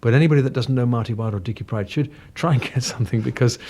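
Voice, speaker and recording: A man's voice: medium pitch, rapid-fire, a little mellow, slight background noise. Older North London man, mid-range voice, chatty and self-deprecating, radio studio guest. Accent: English, slightly Cockney and northern. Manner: chatty, anecdotal, self-deprecating, frequent restarts. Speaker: guest singer. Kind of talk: casual interview chat.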